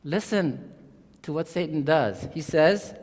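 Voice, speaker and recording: Animated preacher with a high voice in a reverberant hall. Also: male voice, slow pace. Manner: conversational preaching, rising excitedly then dropping low. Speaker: pastor. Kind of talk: sermon.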